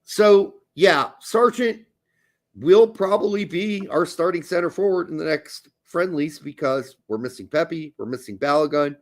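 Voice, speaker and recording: A man's voice: on the high side, a little slow. A man co-hosting a casual soccer podcast, blunt and crude, talking emphatically. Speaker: podcast co-host.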